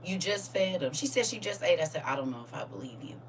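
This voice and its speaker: Loud, laughing grandmother. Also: fast talker, far from the mic, slight background noise. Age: older. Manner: lively, laughing, swings from soft to loud and high. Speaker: host reading viewer comments. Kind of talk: casual live-stream chat.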